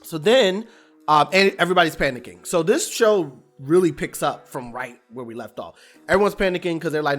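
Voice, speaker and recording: A man casually recapping a TV episode, animated and colloquial, rambling with restarts. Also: a little high, a little fast, faint music behind.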